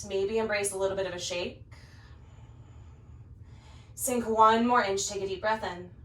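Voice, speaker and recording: A woman instructor gently cueing poses in time with the breath during a guided yoga class, slightly out of breath as she moves along. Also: mid-range voice. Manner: calm, gentle cues paced to the breath. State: a little out of breath while practicing along. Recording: roomy, picked up from a distance.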